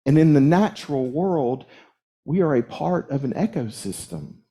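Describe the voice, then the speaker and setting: Guy minister giving a sermon, mellow warm tone, chatty storytelling, little chuckles. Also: on the high side, lively intonation, normal speed. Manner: conversational, chuckles while telling stories. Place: church sanctuary.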